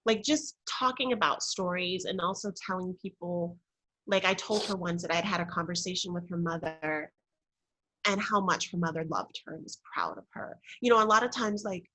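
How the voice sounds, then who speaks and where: A woman's voice: fairly low pitch, rough recording. A woman guest on a podcast interview, an intuition guide, talking expressively in a conversational way with lots of fillers. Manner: expressive, warm storytelling with frequent fillers.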